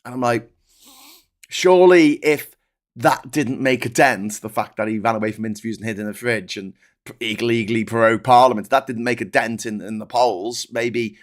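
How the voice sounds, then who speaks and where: A man's voice: lowish voice, steady tone, brisk. A man hosting a political livestream, ranting in an exasperated, sweary way. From United Kingdom.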